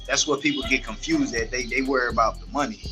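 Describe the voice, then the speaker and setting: A man's voice: mid-range voice, fairly even intonation, fast talker, music in the background. A man from Texas with a Southern accent, a guest telling loose, streetwise stories in a casual interview. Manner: loose streetwise storytelling, acts out quotes, keeps saying "you know what I'm saying". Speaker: guest, tourism guide.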